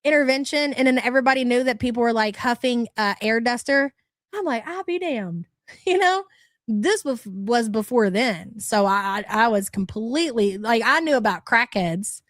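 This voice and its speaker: A woman's voice: fairly high pitch, lively intonation, moderate pace, a bit bright, no room sound, clean studio sound. A woman hosting a casual livestream, reading her chat and ranting bluntly with lots of swearing and frequent laughs. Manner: blunt, profane, exasperated ranting; laughs often.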